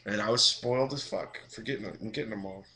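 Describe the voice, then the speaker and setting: Man, young adult, video blog rant, exasperated, profane, lowish pitch, sharp bright tone. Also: fast talker. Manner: exasperated, profane ranting with mocking quoted voices. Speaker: vlogger.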